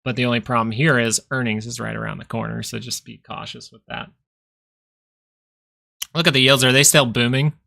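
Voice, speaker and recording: A man's voice: mid-range voice, fairly even intonation, fairly quick, gravelly, long pauses, sharp tone. A man hosting a live stock market stream, talking casually and rambling as he thinks aloud over charts. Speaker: stock market livestream host.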